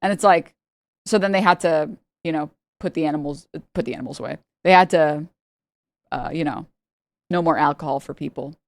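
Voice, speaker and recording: Quick-paced and low-pitched, a woman livestreamer tells her audience a rambling story in casual chat. She breaks into laughter often and mimics the people involved. The audio has no echo.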